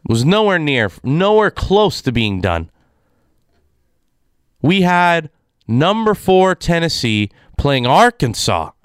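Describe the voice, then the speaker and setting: Man, casual sports rant, exasperated, smooth clear voice, dry close sound. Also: a little high, sing-song, slow pace, pauses often, dry recording. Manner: exasperated, ranting. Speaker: sports commentator.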